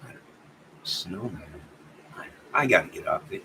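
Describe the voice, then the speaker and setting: A man's voice: low voice, expressive, normal speed, bright, forceful tone, slight background noise, rough recording. A man hosting a casual livestream, rambling and joking as he thanks his chat viewers and signs off. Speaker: livestream host.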